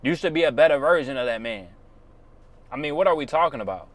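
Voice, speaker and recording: A man's voice: mid-range voice, expressive, fast. A man on his own channel giving blunt, preachy motivational advice in casual, slangy speech. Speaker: YouTuber.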